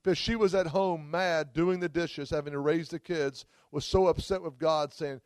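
A man's voice: a little high, steady tone, moderate pace, hardly any pauses, darkish tone, clean tone, no room sound, studio quality. A man preaching a sermon at a church service, fervent, with frequent cries of hallelujah. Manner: fervent, exclaims hallelujah often. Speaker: traveling preacher.

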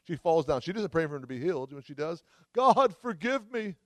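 A man's voice: on the high side, quick pace, darkish tone, dry recording. A man preaching a sermon at a church service, fervent, with frequent cries of hallelujah. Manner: fervent, exclaims hallelujah often. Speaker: traveling preacher.

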